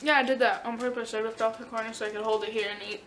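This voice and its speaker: A woman's voice: fairly high pitch, fairly even intonation, very fast, fairly bright tone, a little hiss or hum. A woman chatting playfully in a home vlog from her kitchen. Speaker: vlog co-host. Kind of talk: casual home vlog chat.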